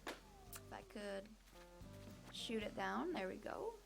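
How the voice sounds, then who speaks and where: A woman's voice: mid-range voice, very animated, slow pace, creaky, over music. A young woman casually commenting on her gameplay, chatty and self-deprecating with many fillers, at a desk microphone. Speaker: streamer.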